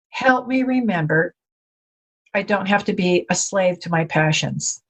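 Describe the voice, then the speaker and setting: A woman speaking as a podcast guest, telling faith stories in lively conversation and acting out the voices she quotes. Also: on the low side, measured pace. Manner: animated storyteller, acts out quoted voices.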